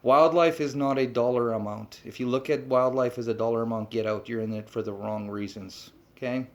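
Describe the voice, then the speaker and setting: A man's voice: mid-range voice, brisk. A man, a trapping instructor, talking bluntly off the cuff to camera, swearing and tagging points with "okay?". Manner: blunt, animated, swears, many rhetorical "okay?"s.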